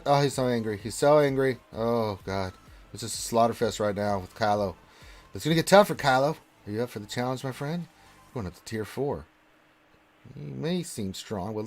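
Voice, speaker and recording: A gaming streamer plays live and comments as he goes, joking and talking to the on-screen characters. He swings from loud, excited calls to low muttering.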